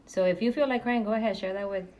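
A woman's voice: mid-range voice, fast, a little mellow, a little hiss or hum, rough recording. A woman co-hosting a podcast, talking in a supportive way and asking reflective questions. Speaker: podcast co-host. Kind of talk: conversational podcast chat.

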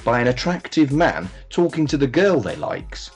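A man co-hosting a comedy podcast, making dry, deadpan asides. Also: mid-range voice, moderate pace, breathy edge, soft background music. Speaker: podcast co-host. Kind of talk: casual comic banter.

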